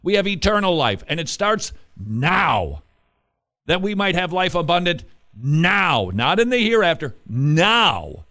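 Lively, emphatic male Christian radio host. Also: high-pitched. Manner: lively, emphatic, rising to forceful exhortation; quick, chatty asides with restarts and laughs. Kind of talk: casual Christian radio talk.

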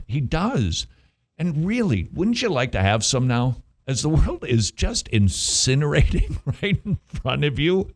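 A man hosting a Christian talk show, emphatic and preachy with a teasing edge. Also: fairly high pitch. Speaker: host.

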